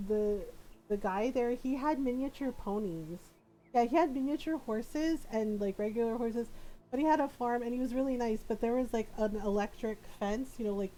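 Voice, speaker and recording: Streamer lady with a pretty high voice, chatty rambly storytelling, lots of likes and ums. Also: dark tone, a little hiss or hum, rough recording. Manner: rambling, chatty, full of fillers. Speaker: game streamer. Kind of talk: casual storytelling on a livestream.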